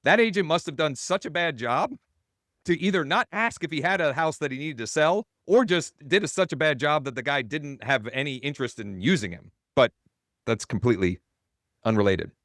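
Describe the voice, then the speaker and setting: A man's voice: a little high, lively intonation, brisk, fairly bright tone, no echo, studio quality. Casual man telling a sales story. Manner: casual, rambling, self-correcting. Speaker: real estate coach. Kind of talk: webinar teaching, storytelling.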